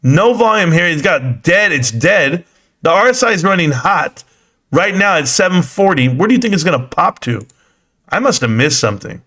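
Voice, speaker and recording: A man's voice: on the high side, sing-song, moderate pace, bright, forceful tone. A young adult man hosting a casual livestream about stocks. He talks bluntly and animatedly, answers chat comments straight back, and laughs often.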